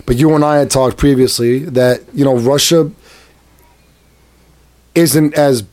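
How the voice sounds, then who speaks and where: Give me a self-deprecating man on a podcast who laughs often, mid-pitched voice. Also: fairly even intonation, a little slow, a little mellow. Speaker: podcast co-host. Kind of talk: casual chat.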